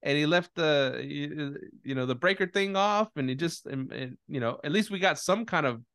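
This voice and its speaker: A man's voice: fairly high pitch, animated, normal speed, a bit bright, clear, resonant tone, dry recording, clean studio sound. A man hosting a podcast in casual chat, talking bluntly with lots of profanity and restarts. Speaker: podcast host.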